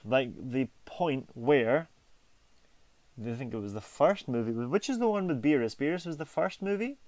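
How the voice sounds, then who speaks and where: A man co-hosting a podcast in casual chat, often laughing and bursting into animated asides. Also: mid-range voice, moderate pace, no echo. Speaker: podcast co-host.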